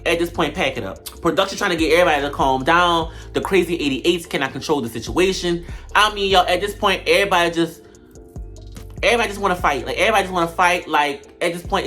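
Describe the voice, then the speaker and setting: A woman giving blunt, slangy commentary on a reality show, swinging between loud outbursts and low mutters. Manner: animated, blunt, slangy trash talk. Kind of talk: casual reaction commentary.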